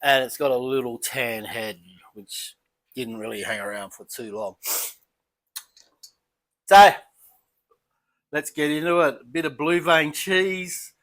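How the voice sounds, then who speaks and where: An Australian man reviewing beer in a casual home vlog, chatty and relaxed, talking as he eats and drinks. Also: medium pitch, takes it slowly, long pauses. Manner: relaxed, chatty, thinking aloud while eating and sipping.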